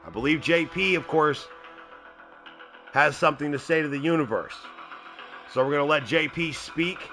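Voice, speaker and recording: A man's voice: on the high side, moderate pace, sharp tone, faint music behind. A man hosting a live wrestling video game show, commentating in a hyped, rambling way. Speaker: host.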